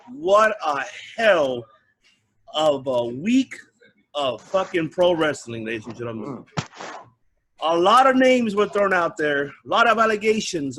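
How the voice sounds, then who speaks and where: A man hosting a podcast, giving loud, emphatic, announcer-style introductions and then chatting casually. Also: a little high, slight background noise. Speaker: podcast host.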